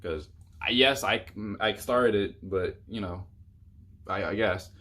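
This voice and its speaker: A man's voice: lowish voice, takes it slowly, sharp tone. A young man telling a rambling, exasperated storytime on his vlog, full of fillers. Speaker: YouTuber.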